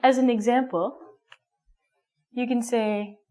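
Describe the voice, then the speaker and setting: Slow-talking, playful woman teacher. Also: fairly high pitch, fairly even intonation, dark tone. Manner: playful, acts out little scenes with big emphasis. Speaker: English teacher. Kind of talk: classroom grammar lesson.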